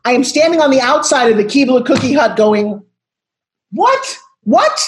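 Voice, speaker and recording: A woman in her sixties, a guest on a video call interview, telling her story in an expressive, dramatic way. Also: high voice, fairly quick.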